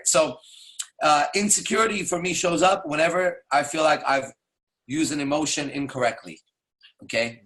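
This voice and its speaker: A man's voice: medium pitch, a bit bright. A man talking in a casual monologue as a dating coach, blunt and profane, dropping "right?" and "okay?" after nearly every point. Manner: frequent tag questions like "right?" and "okay?".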